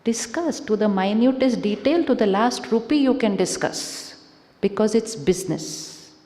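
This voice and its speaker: A woman with an Indian accent giving a calm spiritual talk, asking questions of a live audience and slipping in Hindi phrases. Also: medium pitch, unhurried. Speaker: spiritual speaker. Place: large conference hall. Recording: echoey hall, long reverb.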